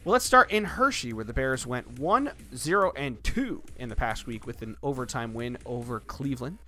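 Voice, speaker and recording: A man's voice: medium pitch, moderate pace, soft background music. A man co-hosting a casual sports podcast, reading rundowns and joking around with his co-host. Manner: reads rundowns, joking and expressive.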